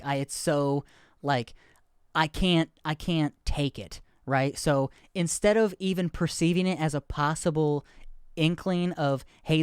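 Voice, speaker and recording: A man's voice: a little high, smooth, no room sound, clean studio sound. A man in his thirties hosting a podcast, rambling candidly and poking fun at himself in casual chat. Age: 30s. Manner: rambling, candid, self-deprecating. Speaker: podcast host.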